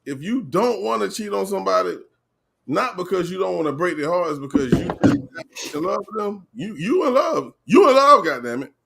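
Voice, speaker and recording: Blunt, gravelly-voiced man in his forties. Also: high-pitched, animated, normal speed, slight background noise. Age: 40s. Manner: blunt, emphatic, swears freely. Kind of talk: casual chat.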